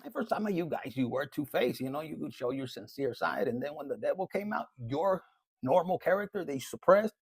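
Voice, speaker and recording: A man's voice: a little high, animated, fairly quick, gravelly, breathy edge, dry recording. A man giving a casual tarot reading, talking bluntly and with lots of swearing. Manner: blunt, profane, chatty. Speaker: tarot reader.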